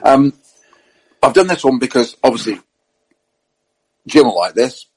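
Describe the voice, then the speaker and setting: A man telling motorsport anecdotes in casual, animated chat, full of fillers and asides. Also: mid-range voice, a little slow, breathy edge, poor audio. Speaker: motorsport storyteller on a panel. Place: at a racing circuit event.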